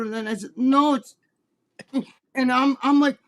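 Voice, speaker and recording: A man with a high voice tells a profane story on a talk show. He is animated and acts out the people he quotes as he complains. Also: measured pace. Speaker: co-host.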